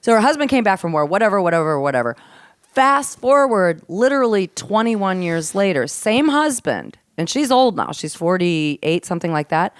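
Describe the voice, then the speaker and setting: A woman comedian telling a family story as a podcast guest, animated and given to laughter and swearing, dropping to a hush for the grim parts. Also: medium pitch, moderate pace, smooth, dry recording, clean studio sound. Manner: laughs often, swears casually. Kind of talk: casual storytelling chat. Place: host's home.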